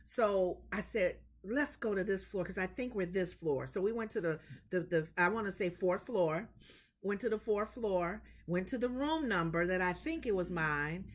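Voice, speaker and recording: A woman co-hosting a casual chat show, telling stories in an animated way. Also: mid-range voice, moderate pace. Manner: animated storyteller, acts out voices in her stories. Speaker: co-host.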